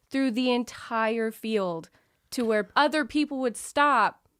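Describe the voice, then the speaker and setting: A woman's voice: on the high side, slow, fairly bright tone, clean tone, dry recording, studio quality. A young woman chatting as a podcast guest, telling stories and laughing often. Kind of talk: casual chat.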